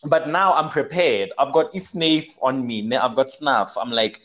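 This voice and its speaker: Animated young man storyteller. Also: medium pitch, moderate pace, rough recording. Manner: animated, filler-heavy storytelling with many "like"s. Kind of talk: casual storytelling chat.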